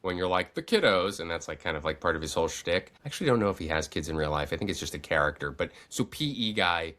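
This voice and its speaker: Deep-voiced man in casual podcast chat. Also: fast talker, bright, forceful tone. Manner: loose storyteller, does funny voices. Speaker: podcast host.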